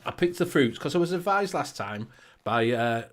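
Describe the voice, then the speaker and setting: Lively swearing man hosting. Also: mid-range voice, moderate pace, a little hiss or hum. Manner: swearing, laughing, energetic. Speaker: show host. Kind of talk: casual livestream chat.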